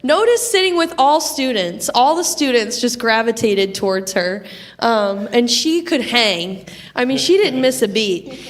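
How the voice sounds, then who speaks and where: A woman with a somewhat high voice shares a story with a church congregation. She tells it in a lively way and acts out the voices of the people she quotes. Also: a little slow.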